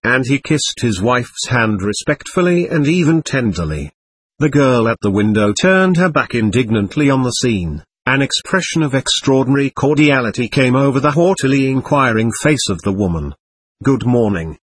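A man narrating an audiobook in a husky voice, with lively, expressive pitch. The sound is dry and close, with no room around it. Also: normal speed, no room sound. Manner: expressive reading. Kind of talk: scripted narration.

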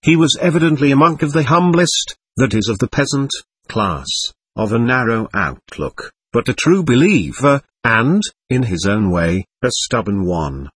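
A man narrating a classic novel as an audiobook, reading in a measured, expressive way. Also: mid-range voice, slightly rough, no room sound.

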